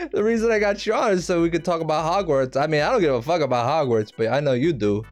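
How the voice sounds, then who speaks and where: A male host with a lively, swinging pitch, trading crude jokes and breaking into laughter often. His talk is loose and casual, with light music playing underneath. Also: quick pace, few pauses. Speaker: show host. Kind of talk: casual streamed chat show.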